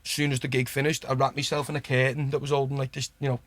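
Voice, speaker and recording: A man's voice: mid-range voice, rapid-fire. A man with a Liverpool accent, a podcast guest telling stories in a chatty, sweary way and keeping on asking "do you know what I mean". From Liverpool, England. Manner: gets excited and laughs while telling stories. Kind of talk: casual anecdote-telling.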